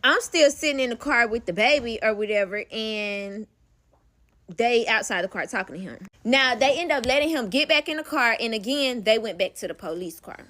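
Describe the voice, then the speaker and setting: A woman's voice: a little high, lively intonation, moderate pace, fairly bright tone. A young woman telling a personal story in a casual vlog, candid and profane, calling the listener "baby".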